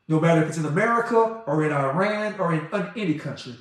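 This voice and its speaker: A man delivers a passionate monologue, his fairly high voice rising fast and loud as he gets worked up. The sound bounces around a very echoey room. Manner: passionate, talks fast and loud when excited. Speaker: organization president. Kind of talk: impassioned monologue.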